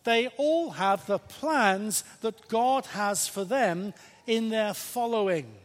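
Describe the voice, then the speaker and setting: A man preaching a sermon in a church, lively and playful, with emphatic points and questions to the congregation. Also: sits high, slow. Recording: reverberant church hall.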